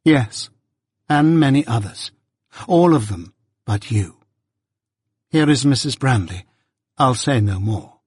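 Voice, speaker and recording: A man's voice: mid-range voice, expressive, slow, pauses often, darkish tone, husky, no room sound, studio quality. A man voicing a proud, cold young woman who answers in a clipped, scornful, aloof way, read as part of an audiobook. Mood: disdainful. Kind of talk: audiobook character reading.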